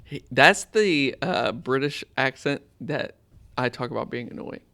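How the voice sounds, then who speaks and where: A man's voice: medium pitch, expressive, measured pace, creaky, pushed and bright. A man co-hosting a podcast, chatting casually and cutting in with wry, teasing remarks. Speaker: podcast co-host. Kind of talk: casual chat.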